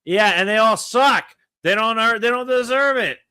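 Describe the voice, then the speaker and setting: A man's voice: extremely high pitch, moderate pace, pushed and bright, smooth, dry recording. A man co-hosting a casual chat, blunt and profane. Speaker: co-host.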